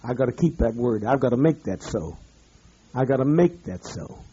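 A man, a pastor, berating his congregation in a profane rant, swinging from shouting to muttering. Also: medium pitch, expressive, moderate pace, husky, lo-fi sound. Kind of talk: ranting address to his congregation.

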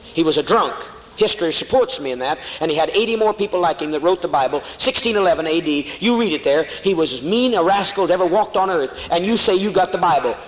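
A man's voice: a little high, lively intonation, fast. Fiery preacher man in an echoey hall. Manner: fiery, mocking, calls listeners honey. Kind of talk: sermon. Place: church hall before a congregation. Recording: echoey hall with faint noise.

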